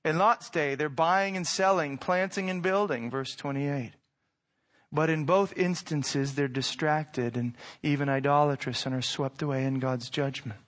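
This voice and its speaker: High-voiced man preaching conversationally. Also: a little slow. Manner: conversational preaching with rhetorical questions and swings in loudness. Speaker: pastor. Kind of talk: sermon.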